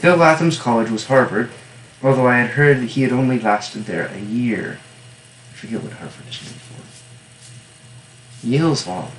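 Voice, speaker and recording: A man reading a novel aloud in steady first-person narration, stopping now and then for wry, offhand comments on the text. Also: medium pitch, a little slow, pauses often, a little hiss or hum, poor audio. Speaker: reader and annotator.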